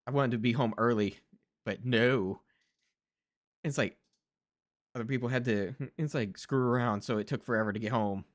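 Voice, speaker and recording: A man's voice: medium pitch, moderate pace, pauses often. Swearing, ranting man streamer. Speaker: VTuber streamer reacting to videos. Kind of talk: casual reaction commentary.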